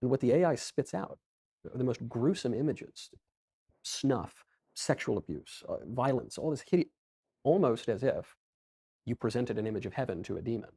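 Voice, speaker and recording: A man in casual conversation, musing thoughtfully in a gravelly, husky voice. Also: mid-range voice, lively intonation, moderate pace, dark tone, no room sound, studio quality.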